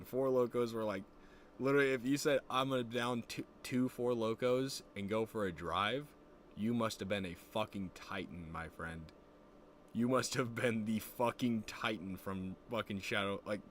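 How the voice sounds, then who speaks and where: A man's voice: lowish voice, slight background noise. A man in his twenties telling stories in casual, profane stream chat. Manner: loose, profane storytelling, often does quoted voices.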